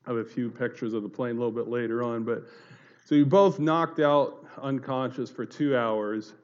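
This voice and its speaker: A man giving a personal testimony to an audience, telling it in an earnest, halting way with many fillers and restarts. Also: mid-range voice, fairly even intonation, muffled recording. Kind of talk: earnest spoken storytelling to an audience.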